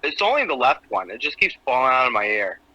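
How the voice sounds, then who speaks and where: A man's voice: mid-range voice, big pitch swings, fast, bright, forceful tone, dry recording, lo-fi sound. A man in his twenties, co-hosting a podcast over a video call, joking crudely. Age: 20s. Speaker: podcast co-host. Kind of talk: casual chat.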